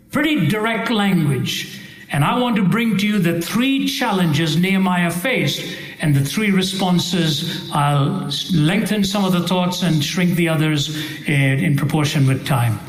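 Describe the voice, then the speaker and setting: A middle-aged preacher with a notably high voice delivers an emphatic, rhetorical sermon. He races through some phrases and leans slowly on others. His voice rings with the roomy echo of a large hall. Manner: emphatic, rhetorical, shifts between rapid bursts and slow deliberate stresses.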